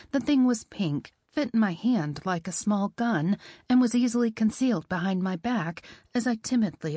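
A woman reading a first-person novel in a wry, expressive way. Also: mid-range voice, no echo, clean studio sound. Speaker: audiobook narrator.

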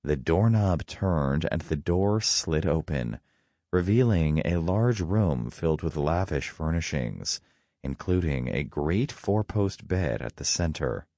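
A man with an extremely deep voice reads a first-person story in a wry, dry manner. His delivery is slow but melodic, rising and falling through the sentences. The recording is close and dry, with no room sound. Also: expressive, dark tone, no room sound. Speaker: narrator. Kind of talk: first-person audiobook narration.

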